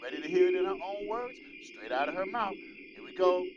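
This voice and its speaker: A man with a notably high voice hosts his own show, firing off an animated, mocking political monologue in a preachy tone. The sound is dull and lo-fi. Loud crowd noise fills the background. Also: fairly quick. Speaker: host.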